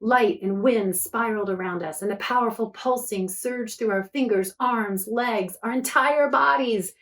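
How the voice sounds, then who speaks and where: A woman's voice: a little high, a little slow. A woman author reading her book aloud to children, chatty and enthusiastic between passages.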